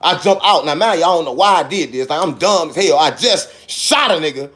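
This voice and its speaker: Animated high-pitched man telling a story. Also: brisk. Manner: animated, acts out dialogue with sound effects like "boom". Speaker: podcast host telling a personal story. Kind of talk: casual storytelling.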